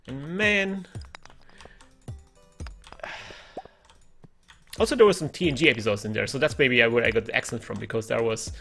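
Gravelly man chatting over gameplay. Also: medium pitch, a bit bright. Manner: chatty, thinks aloud, exclaims at finds. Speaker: let's play gamer. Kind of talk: gameplay commentary.

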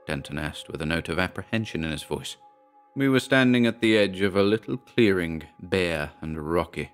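A man reading a horror story aloud in a measured, grave narration. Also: low voice, lively intonation, fairly bright tone, clean tone, faint music behind. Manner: measured, grave storytelling with quoted dialogue read plainly.

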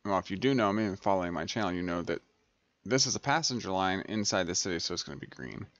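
A man's voice: deep voice, lively intonation, quick pace, a bit bright, dry recording. A man hosting a gaming channel, chatting casually over gameplay, thinking aloud and correcting himself as he goes. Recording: dry, slightly dull home recording.

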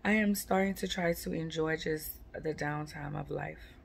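A woman, chatting casually to her viewers in a rambling, relaxed way with lots of fillers. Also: low voice, moderate pace, creaky, slight background noise. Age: 40s. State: sleepy, yawning. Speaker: vlogger. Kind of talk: casual chat to camera.

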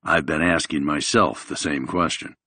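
A man doing a quiet, tense grown man. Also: a bass voice, fairly even intonation, normal speed, breathy edge, dry recording, heavily acted. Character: wary adult man back in his old town.

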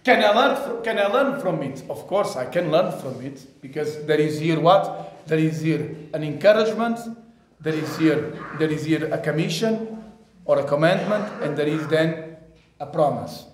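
Man, pastor, sermon, high voice, hushed to raised delivery, rhetorical questions, reverberant church. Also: expressive, moderate pace, a little hiss or hum. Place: church service hall.

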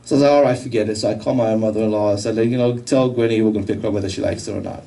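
Guy telling his testimony, stumbles and repeats words, soft dark voice, sounds a little distant. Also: fairly low pitch, steady tone, vocal fry. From United States. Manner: halting, repeats words, emotional. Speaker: guest giving a testimony. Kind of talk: personal storytelling.

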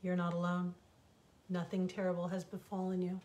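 A woman voicing a gentle, patient wind in a storybook fable, speaking softly and soothingly. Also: fairly low pitch, completely flat delivery, moderate pace, close to an everyday voice. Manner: soft and soothing, firmer when scolding.

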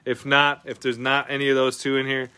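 Man, live stream host, casual chat, excitable, swears a lot, bright forceful voice, dry close sound. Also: medium pitch, fairly quick, clear, resonant tone, no room sound. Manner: excitable, swears often, reacts loudly to card pulls. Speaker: card-opening streamer.

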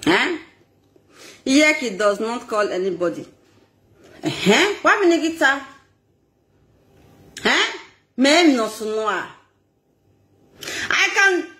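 A woman's voice: high-pitched, slow pace, pauses often, echoey room. A Nigerian woman ranting on a live video, scolding and laughing as she talks. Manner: animated, scolding, laughs often. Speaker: social media personality.

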